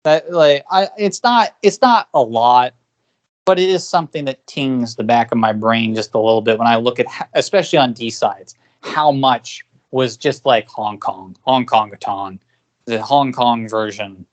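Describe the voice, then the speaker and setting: A man co-hosting a podcast, talking casually in a rambling, animated way with quick asides. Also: medium pitch, dull audio. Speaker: podcast co-host. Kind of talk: casual chat.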